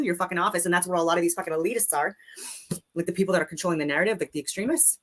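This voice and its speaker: A woman with a fairly low voice rants in rapid-fire bursts, agitated and unscripted. She swears heavily and rambles between points.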